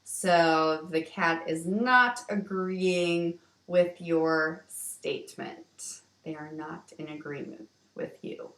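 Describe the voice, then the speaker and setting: A woman teacher walking students through vocabulary words in a slow, explanatory way, with ums and restarts. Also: lowish voice, a bit bright. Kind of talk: vocabulary lesson walkthrough. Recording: roomy, distant from the mic.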